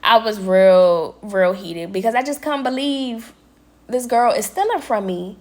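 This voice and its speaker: A young woman vlogger telling a story in casual chat, talking straight to her viewers and quoting people in lively voices. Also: mid-range voice, unhurried. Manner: chatty, addresses viewers as y'all, quotes people with lively voices. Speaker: vlogger and nail tech.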